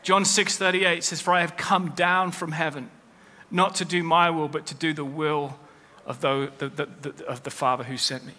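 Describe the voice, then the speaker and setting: A man's voice: on the high side, fairly even intonation, normal speed, hardly any pauses, pushed and bright. A man preaching a sermon as pastor, with rising emphasis as he quotes scripture. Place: church. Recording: long hall reverb.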